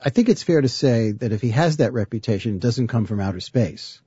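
A man's voice: medium pitch, expressive, a little fast, mellow, husky, no room sound, highs cut off. A man hosting a long-form interview, pressing his guest with probing follow-up questions.

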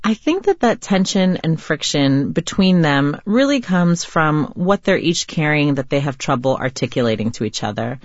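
A woman's voice: low-pitched, animated, normal speed, few pauses, dry recording. Reflective woman novelist, dry close sound. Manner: reflective, earnest, searching for words. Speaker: novelist, interview guest. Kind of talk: reflective interview answers. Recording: slightly dull lo-fi remote sound.

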